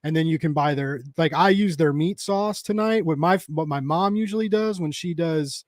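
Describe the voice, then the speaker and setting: A man in his thirties from the United States with a slightly high voice, chatting casually. He rambles through fillers and restarts and laughs easily. The sound is dry and close, with no room echo. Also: normal speed. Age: 30s. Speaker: co-host. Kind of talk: casual chat.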